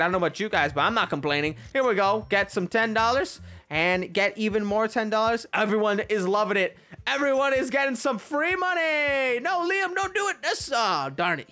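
A woman narrates her gameplay in a playful, teasing way, her pitch leaping up and down as she reacts. Her voice is bright and sharp, and she breaks into laughs often. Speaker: gaming video host.

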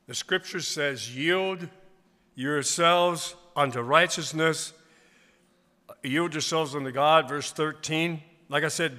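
A revival preacher with a high, sharp, forceful voice. He drops to quiet asides, then rises into loud, emphatic declarations. The sermon rings with long reverb through a church sanctuary.

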